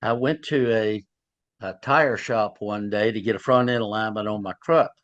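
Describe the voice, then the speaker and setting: An older police sergeant, telling folksy stories in an interview and acting out both sides of past conversations. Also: male voice, fairly low pitch, normal speed, a bit bright, highs cut off. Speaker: police sergeant and child abuse investigator. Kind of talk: storytelling in an interview.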